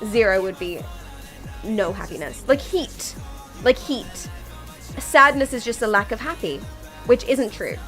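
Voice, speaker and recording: A woman's voice: on the high side, a bit bright. A young British woman streaming a game, chatting casually with viewers in a rambling, jokey, tangential way while sounding tired.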